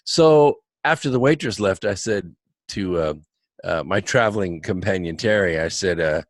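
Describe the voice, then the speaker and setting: Lively low-voiced storyteller man. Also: normal speed, dry recording. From United States. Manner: animated, wry storyteller. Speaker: guest author. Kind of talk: anecdotal storytelling.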